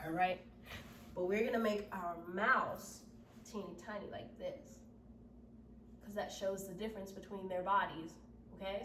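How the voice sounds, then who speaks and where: A woman's voice: medium pitch, fairly bright tone, a little hiss or hum. Patient woman teaching children acting. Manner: explains slowly and patiently, often asking "right?". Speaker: drama teacher. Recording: roomy echo, from mic distance.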